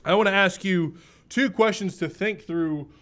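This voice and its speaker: A man preaching a sermon. He is emphatic, repeats key phrases, slows down to stress his main points and clears his throat now and then. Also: sits high, a bit bright.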